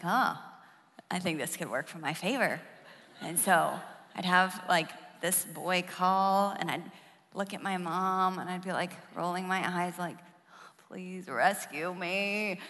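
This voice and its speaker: A woman pastor delivers a sermon in a bright, clear voice. She tells her stories with animation and humor. The long reverb of a big church hall trails after her words. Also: medium pitch. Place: church auditorium.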